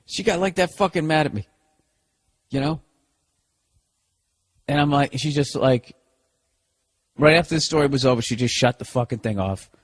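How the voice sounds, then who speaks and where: A man's voice: mid-range voice, lively intonation, moderate pace, pauses often. A man hosting a podcast alone, delivering a sarcastic, profanity-filled comedic rant. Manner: profane, sarcastic, exasperated ranting. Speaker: podcast host. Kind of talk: comedic ranting monologue.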